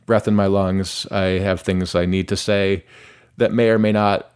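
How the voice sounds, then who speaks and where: Lowish middle-aged guy from michigan, rambling interview talk, lots of "like"s. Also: flat delivery, a little slow, clean tone. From Michigan, USA. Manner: rambling, self-interrupting, many "like"s. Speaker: musician guest. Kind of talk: candid conversational interview.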